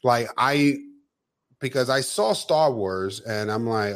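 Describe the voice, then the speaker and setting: A man co-hosting a podcast in casual, profane chat, telling stories in an animated way and laughing often. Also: mid-range voice, slow. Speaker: podcast co-host.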